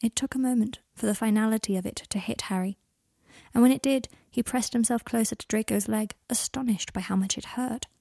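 A woman reading a story aloud, with soft, intimate, measured narration. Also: fairly high pitch, gravelly, no echo, clean studio sound. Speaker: podfic reader. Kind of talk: audiobook narration of fan fiction.

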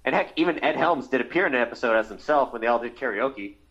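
A man's voice: medium pitch, lively intonation, fast, a bit bright. A man in his thirties co-hosting a podcast, talking casually and hesitantly, with many fillers. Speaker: podcast co-host. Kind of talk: casual chat. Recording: dull lo-fi sound.

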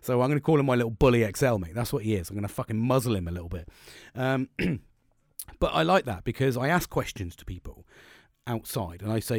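A man's voice: mid-range voice, big pitch swings, quick pace, no room sound, studio quality. A middle-aged man hosting a podcast, talking bluntly and casually, swearing often and rambling with restarts. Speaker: podcast host.

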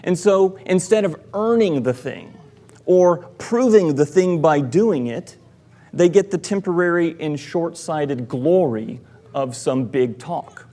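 A man, a church elder, preaching a sermon in a measured, deliberate way, giving quoted lines with emphasis. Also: a little high, animated, warm tone. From American South.

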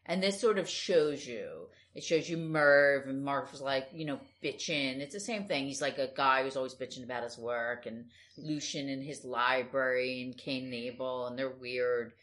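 Casting note: woman with a very low voice, easygoing co-host, musing and rambling. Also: normal speed, hardly any pauses, fairly bright tone. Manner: thoughtful, rambling, with hedging fillers. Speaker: podcast co-host. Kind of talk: casual comic book discussion.

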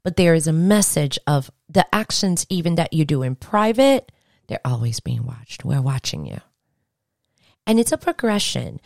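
A woman with a low voice talks through a podcast episode, her pitch swinging up and down as she rambles earnestly and circles back on herself. The sound is close and dry. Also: moderate pace, vocal fry, no room sound. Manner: lively, earnest, rambling with restarts. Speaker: podcast host. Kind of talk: casual podcast monologue.

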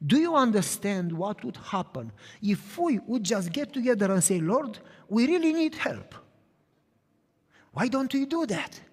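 A middle-aged pastor preaches a sermon in an unhurried, high-sitting voice. He's an animated storyteller who acts out conversations, and the recording has the long reverb of a large hall.

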